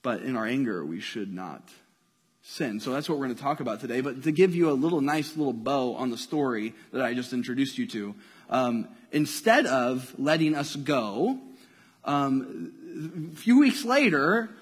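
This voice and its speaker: A man preaching a sermon, animated storytelling that swings from loud to hushed. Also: medium pitch, moderate pace, husky. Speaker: pastor. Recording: long reverb of a large hall.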